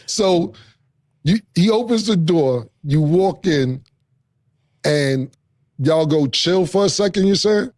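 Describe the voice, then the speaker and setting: Slangy male interviewer, slightly high voice. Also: lively intonation, takes it slowly, long pauses, darkish tone, no room sound, studio quality. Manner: slangy, blunt questions. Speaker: interview host. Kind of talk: casual interview chat.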